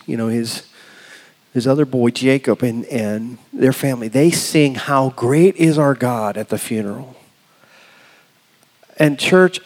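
A middle-aged man preaching a sermon as pastor, telling a personal story with emotion, swinging from loud to hushed. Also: medium pitch. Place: church sanctuary. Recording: long hall reverb.

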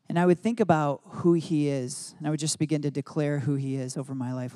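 A man's voice: a little high, steady tone, moderate pace, hardly any pauses, mellow. A married man giving an earnest devotional Bible teaching, mixing reflection with spoken prayer declarations. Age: adult, married. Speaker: preacher.

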